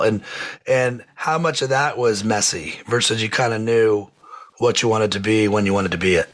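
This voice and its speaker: A man's voice: lowish voice, normal speed. A man hosting a podcast, asking loose, rambling questions in casual chat. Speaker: podcast host.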